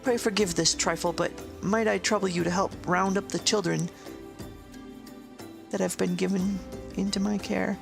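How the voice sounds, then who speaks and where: A woman's voice: medium pitch, steady tone, normal speed, vocal fry, pauses often, music in the background. A woman voicing a courteous villager from a fantasy game, reading formal old-fashioned lines. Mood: polite. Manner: formal, old-fashioned phrasing read aloud. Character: courteous adult villager asking for help.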